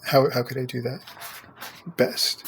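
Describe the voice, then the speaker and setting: A man's voice: mid-range voice, measured pace, vocal fry, breathy edge. A man, a poet and musician, talking in an earnest, rambling way with hesitant restarts as he asks for advice. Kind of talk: casual spoken request.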